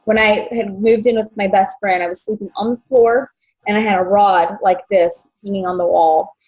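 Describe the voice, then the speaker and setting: Husky woman sharing a hard story. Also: mid-range voice, steady tone, a little mellow, rough recording. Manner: halting, many fillers and restarts, emotional. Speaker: guest. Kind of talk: personal story in podcast interview.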